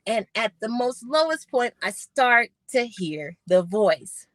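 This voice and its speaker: A middle-aged woman, a podcast guest and former Olympic sprinter, telling her story with animated retellings of conversations. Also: fairly high pitch, takes it slowly, no room sound. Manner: animated storyteller acting out quoted voices.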